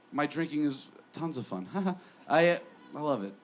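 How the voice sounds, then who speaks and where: A man's voice: a little high, sing-song, normal speed, slight background noise. Rambling self-deprecating male stand-up. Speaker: stand-up comedian. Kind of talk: stand-up comedy set. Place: small bar.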